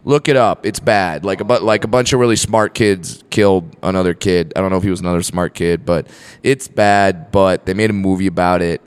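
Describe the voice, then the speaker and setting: Deep smooth voiced comedian guy, casual podcast chat, self-deprecating, jumps into funny voices for quotes. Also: brisk. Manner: self-deprecating storyteller, animated acted-out quotes. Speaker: guest comedian.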